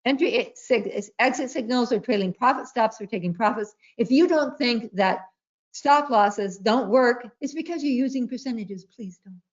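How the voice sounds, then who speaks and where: A woman's voice: a little high, normal speed. A woman trading educator giving an emphatic webinar presentation, repeating her key points and telling stories. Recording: dull lo-fi webinar audio.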